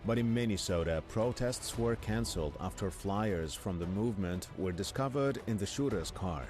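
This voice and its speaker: A man giving scripted, measured news narration with a dramatic delivery. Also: fairly low pitch, lively intonation, music in the background.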